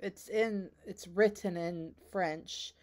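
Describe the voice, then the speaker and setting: A woman hosting a reaction video who talks in an earnest, rambling way, full of "like"s and trailing pauses. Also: on the low side, fairly even intonation, a little mellow, slight background noise. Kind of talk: casual reaction commentary.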